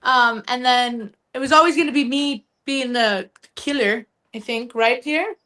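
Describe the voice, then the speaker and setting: A woman's voice: a little high, a little slow, bright, forceful tone. A woman in her twenties, a guest on a live podcast, telling stories in casual chat, profane and bubbly, often mimicking other people's voices. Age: 20s. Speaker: guest actress and co-writer.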